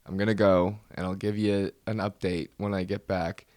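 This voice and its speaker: A man's voice: low-pitched, little pitch movement, moderate pace, darkish tone, no room sound, clean studio sound. A man hosting his own comedy podcast, ranting nervously and mocking himself. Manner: nervous, self-mocking rant. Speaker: podcast host. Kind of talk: solo comedy podcast monologue.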